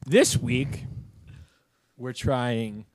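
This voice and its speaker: A man hosting a casual group tasting of spicy jerky, unhurried and full of fillers. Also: medium pitch, background noise. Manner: relaxed, hesitant with many fillers. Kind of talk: casual chat, food tasting.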